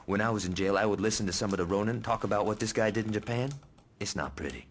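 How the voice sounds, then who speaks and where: A man's voice: lowish voice, quick pace, lightly acted. A man voicing a cocky, foul-mouthed gang lieutenant in a video game. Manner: swaggering, profane. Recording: game audio with noise.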